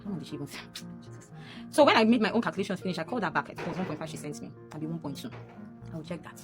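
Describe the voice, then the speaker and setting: A young Nigerian woman races through an emotional personal story in a fairly low voice. She repeats lines and jumps up in pitch when frustrated. Music plays clearly underneath her. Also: very fast. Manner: animated, rising sharply when upset, repeating lines.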